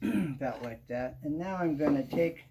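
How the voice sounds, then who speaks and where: A male home improvement show host chats in a relaxed way while doing the work, using "kinda" over and over. His voice is a little high at a moderate pace, with noise in the background.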